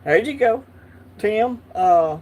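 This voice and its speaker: Here a Southern-accented man hosts a casual stream, speaking slowly in an expressive, high-sitting voice. He keeps up an easy conversation, talking back to the chat as comments appear.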